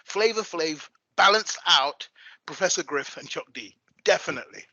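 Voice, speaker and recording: A hyped, animated man in his fifties with a high voice. His tone is bright and sharp, with a husky edge. He chats casually as an interview guest, dry and close to the mic. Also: moderate pace, dry recording, highs cut off. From England. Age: 50s.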